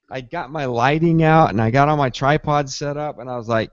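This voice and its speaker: A man hosting a casual tech podcast who tells his story in a lively way and acts out his own reactions. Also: mid-range voice, normal speed, hardly any pauses, dry recording. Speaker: podcast host. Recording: dull, slightly lo-fi dry sound.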